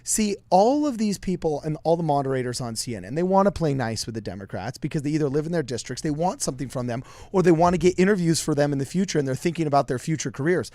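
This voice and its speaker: A man co-hosting a casual political chat over a call, animated and argumentative. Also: fairly high pitch, fast, few pauses, dry recording. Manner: animated, argumentative, laughs while talking. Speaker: podcast co-host.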